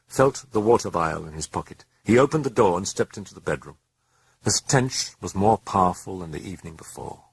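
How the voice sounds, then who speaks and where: A man narrating a horror novel in a dramatic, expressive way. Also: deep voice, gravelly, slightly rough, dry recording.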